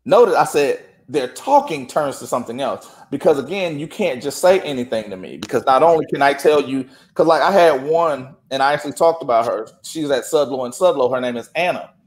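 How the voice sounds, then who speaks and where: A man's voice: mid-range voice, brisk, hardly any pauses. A man telling a courthouse story in casual chat, acting out the dialogue. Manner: animated, acts out quoted dialogue. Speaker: guest.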